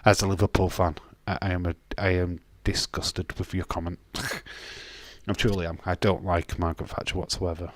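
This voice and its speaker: Speaking in a low, level voice at a normal pace, this Castleford man's Yorkshire accent comes through in a dry recording. He's hosting a live stream watch-along, reading viewer comments in a casual, blunt way. He swears a lot and often starts his sentences over.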